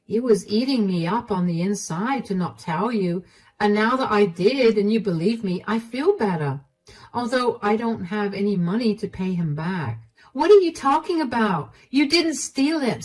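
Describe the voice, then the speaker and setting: A woman voicing an apologetic older mother who speaks gently and pleads to be believed. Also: mid-range voice, distant mic, close to an everyday voice, rough recording.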